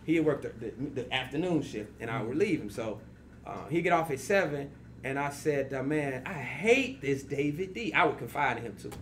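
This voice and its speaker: A man's voice: medium pitch, brisk, a little hiss or hum. A man in his forties, a radio personality, telling casual stories as a podcast guest and acting out the people he quotes. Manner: animated, acts out quoted people. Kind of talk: casual storytelling.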